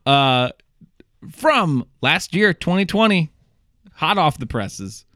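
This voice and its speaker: A man's voice: a little high, very animated, takes it slowly, sharp tone, no room sound, studio quality. A young adult man hosting a casual movie-review podcast, laughing often and swearing casually. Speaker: podcast host.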